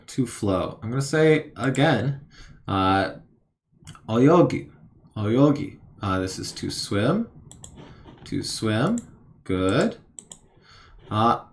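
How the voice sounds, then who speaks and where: A man vlogging his study session casually, thinking aloud and slowly repeating words as he tries to recall them, with self-deprecating asides. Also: mid-range voice. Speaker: language learner vlogger.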